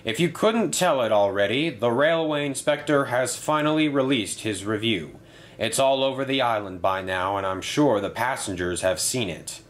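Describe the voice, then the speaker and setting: A man's voice: mid-range voice, lively intonation, normal speed, lightly acted. Male narrator voicing a subdued, reassuring railway chief. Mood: worried. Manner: quiet, reassuring. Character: worried middle-aged male railway boss.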